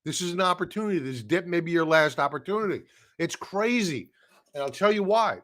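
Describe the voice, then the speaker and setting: With a fairly high, expressive, somewhat bright voice, the stock-trading streamer talks fairly quickly. He delivers casual live commentary on the market, bluntly mocking headlines and saying things again for emphasis.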